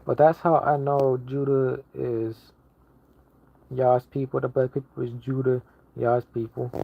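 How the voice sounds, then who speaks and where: A man's voice: medium pitch, flat delivery, a little slow, gravelly, phone-quality sound, a little hiss or hum. A man giving a casual online sermon, preaching emphatically and repeating himself as he builds each point. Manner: repetitive, emphatic preaching with restarts. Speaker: lay preacher.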